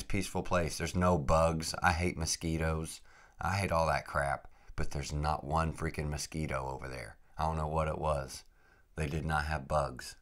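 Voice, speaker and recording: Man, podcast host, extremely low voice, laid-back rambling story, lots of "dude". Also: fairly bright tone.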